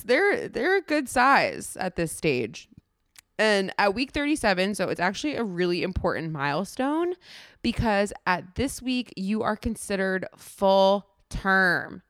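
A woman's voice: on the low side, no echo, clean studio sound. A woman hosting a podcast in candid, chatty conversation. She laughs often and fills her talk with "like.". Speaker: podcast host. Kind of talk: casual podcast chat.

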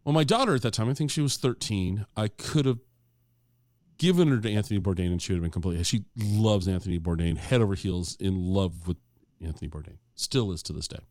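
A middle-aged man with a low voice rattles off a long, casual anecdote, acting out the dialogue with plenty of animation. His delivery is conversational, full of fillers and restarts. The recording is dry and studio quality.

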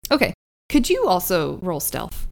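A woman narrating as game master of a tabletop game, descriptive and unhurried, with halting restarts. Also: on the low side, huge pitch swings, gravelly.

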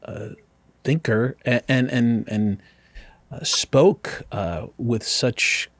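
A man hosting an interview, asking searching questions with halting, restarting phrasing. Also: mid-range voice, no echo. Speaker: podcast host.

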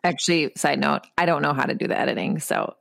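A woman's voice: low voice, steady tone, fast talker, creaky, a bit bright, no echo, clean studio sound. A woman with a Minnesota accent, co-hosting a podcast in a chatty way, often laughing and going off on side notes. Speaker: podcast co-host. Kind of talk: casual chat. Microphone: own microphone.

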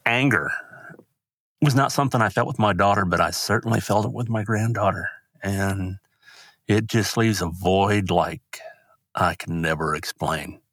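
Grieving older man, low dry voice. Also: fairly bright tone, no echo. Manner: halting, grief-stricken, voice rising when angry. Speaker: guest. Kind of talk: emotional interview talk.

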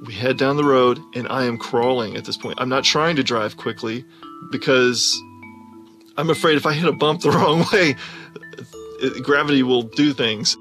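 A man telling a personal story in an animated way, often laughing as he talks. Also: medium pitch, normal speed, soft background music.

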